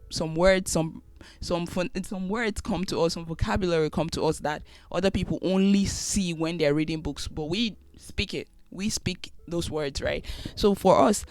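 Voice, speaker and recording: A woman's voice: on the low side, a little mellow, no echo. A Nigerian woman with a Nigerian accent, giving an emphatic opinion monologue and often repeating phrases.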